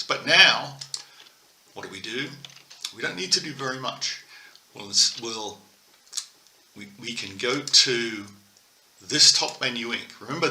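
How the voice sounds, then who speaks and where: Faint keyboard clicks and room echo accompany an older man's pushed, bright mid-range voice. As the instructor of a screen-recorded coding lesson, he talks through his thinking while typing and corrects himself along the way.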